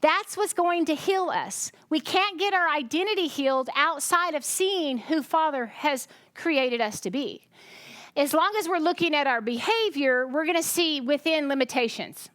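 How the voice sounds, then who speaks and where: With a high, animated, fairly bright voice and a moderate pace, a tired American woman gives a conversational sermon with no echo. She chats, interrupts herself, and often turns to ask the congregation questions.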